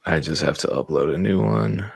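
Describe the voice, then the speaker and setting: A man with a very low voice teaches a casual online class, thinking out loud as he types and restarting his sentences. Now and then he cracks a sarcastic joke. The sound is dry and close, with no room around it. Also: expressive, normal speed, creaky, husky, dry recording. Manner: thinks aloud, stumbles and repeats words while typing; joking and sarcastic at times. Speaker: music producer teaching a beat-selling class. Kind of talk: casual live-streamed tutorial.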